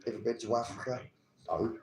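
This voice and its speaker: A man's voice: medium pitch, steady tone, fairly quick, crowd noise. An Englishman in casual banter, blunt and sweary, laughing often. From England. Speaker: podcast host. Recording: echoey room, distant mic, background noise.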